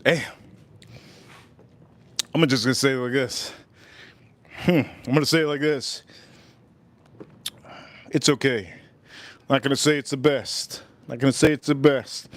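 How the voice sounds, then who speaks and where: A man with a somewhat high voice hosts a relaxed livestream, talking to viewers. He stretches his words and says each phrase over and over in a playful, unhurried way. The sound is dry and close to the mic. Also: no echo. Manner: repeats phrases, drawn-out and playful. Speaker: livestream host. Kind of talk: casual livestream chat.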